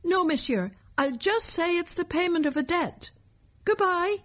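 A woman voicing a frightened young boy in a storybook reading, with a breathy, pleading voice. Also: extremely high pitch, lively intonation, unhurried, a bit bright, voice pushed up, exaggerated voice. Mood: urgent. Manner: pleading, tearful.

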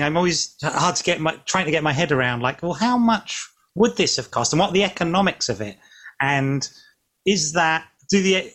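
A man's voice: on the high side, a bit bright. A man interviewing a director, asking long, searching questions with hesitant restarts.

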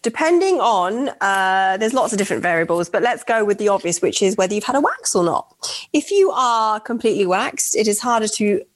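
A woman's voice: medium pitch, expressive, fairly quick. A woman co-hosting a radio dating show, chatting frankly and swearing freely. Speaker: podcast co-host. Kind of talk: casual chat.

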